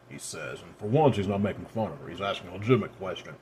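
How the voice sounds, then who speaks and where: A man narrating a dark story in a quiet, low-key way. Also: expressive, fast talker, hardly any pauses, a little hiss or hum. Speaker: audiobook narrator.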